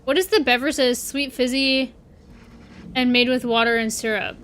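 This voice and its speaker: High, bright-voiced woman streamer. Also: fairly even intonation, moderate pace, smooth. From Canada. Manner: rambling, chatty, answers chat aloud. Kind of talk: casual livestream chat while gaming.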